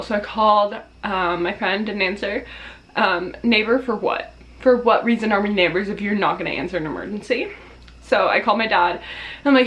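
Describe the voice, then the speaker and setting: A woman's voice: medium pitch, brisk, a bit bright. A woman vlogger telling a storytime in a casual, dramatic way, swearing freely and laughing as she tells it. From Australia.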